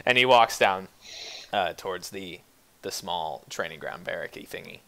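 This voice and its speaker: A man running a tabletop game in a bright, forward voice. He narrates casually, rambling a little with fillers as he builds the scene. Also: low-pitched, moderate pace. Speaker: game master.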